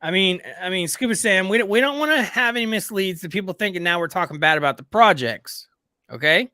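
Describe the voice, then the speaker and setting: Male streamer host, bright and slightly high voice, rambling chatty delivery, dry close mic. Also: animated, fairly quick, no echo. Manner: rambling, keeps addressing viewers as guys. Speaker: livestream host. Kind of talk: casual group chat.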